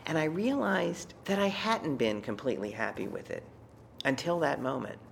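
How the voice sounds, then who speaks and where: A man's voice: fairly high pitch, expressive, moderate pace, vocal fry, a little hiss or hum. A man in his fifties from Texas telling a personal story in a reflective, conversational way with wry asides.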